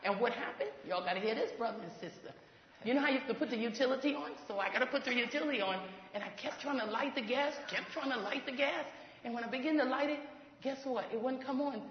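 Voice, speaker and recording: Brisk woman ministry leader, animated testimony with laughs, heard in a big echoing hall. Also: a little high, slight background noise. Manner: animated, laughs while talking, acts out quoted voices. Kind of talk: testimony storytelling. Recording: echoey hall, dull lo-fi sound.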